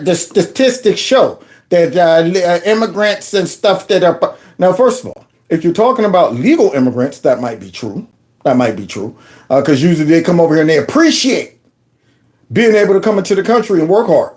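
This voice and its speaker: A man hosting a political commentary show, talking over clips in an animated, mocking way and repeating phrases in a singsong. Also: fairly high pitch, moderate pace. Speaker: commentary channel host.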